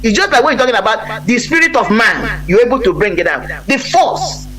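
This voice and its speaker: A man's voice: very high voice, sing-song, fairly quick, crowd noise, rough recording. A man, speaking as a guest on a live broadcast in an earnest, emphatic way, often breaking off and restarting his sentences. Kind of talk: impassioned conversational talk.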